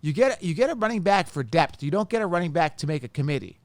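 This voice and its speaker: A man with a fairly high voice hosts a solo podcast, heated and emphatic, repeating himself as he vents. The sound is close and dry, with no room around it. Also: big pitch swings, fast talker, no echo. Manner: heated, venting, emphatic with frequent "right?". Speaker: fantasy football podcast host.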